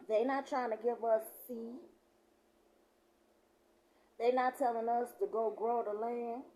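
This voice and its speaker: Slow-speaking woman preaching from scripture. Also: on the high side, darkish tone, poor audio. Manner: reads verses slowly and emphatically, then talks in loose asides; clears her throat often. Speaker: prophetess. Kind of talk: scripture reading with commentary.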